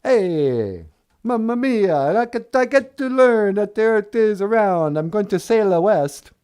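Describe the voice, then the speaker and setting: A man putting on a boastful male explorer with a deliberately stereotyped mock Italian accent, making grandiose declarations. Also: sits high, very animated, darkish tone, smooth, pitched above the performer's own voice, full character voice.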